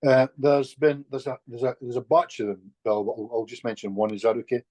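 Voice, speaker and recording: A middle-aged man, a guest healer, telling stories in a lively, chatty way with chuckles and restarts. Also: medium pitch, fast talker, dry recording. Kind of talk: casual storytelling in conversation.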